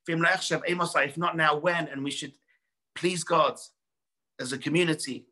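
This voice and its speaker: A man, a rabbi, teaching a class and telling a parable, animated and exhorting. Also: on the high side, slow. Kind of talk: storytelling Torah class.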